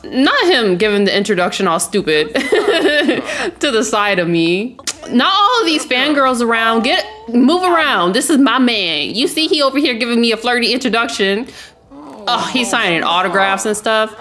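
Lively, high-voiced young woman gamer. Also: normal speed. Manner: animated, laughs often, talks straight to viewers. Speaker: let's play host. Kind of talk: casual gaming commentary.

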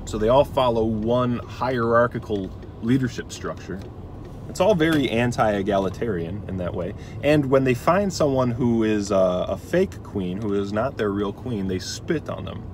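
A man's voice: fairly low pitch, expressive, moderate pace, a little mellow. A man hosting his own video, rambling through his thoughts in casual commentary, with plenty of fillers and small laughs. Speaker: video essay host. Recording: outdoor traffic noise. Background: passing cars.

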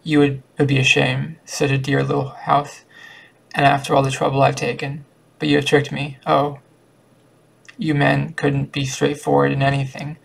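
A talkative older spinster from a storybook, fussing and proud, read aloud by a man. The voice is gravelly and husky with a level, unvaried pitch. It stays plain rather than fully acted. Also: completely flat delivery, moderate pace, low-quality recording. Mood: reproachful.

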